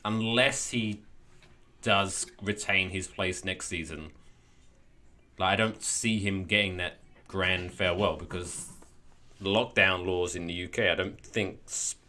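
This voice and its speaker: A man co-hosting a casual football podcast, animated and jokey. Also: deep voice, a little slow. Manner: animated, jokey, puts on voices for quotes. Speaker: podcast co-host.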